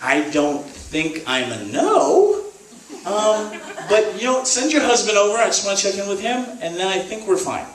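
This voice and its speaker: A man telling a comic story to a live audience and acting out the people in it with lively voices. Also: high voice, moderate pace, a little hiss or hum. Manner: animated, acts out quotes in voices. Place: stage at a live event. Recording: roomy live venue, mic at a distance. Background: audience laughing.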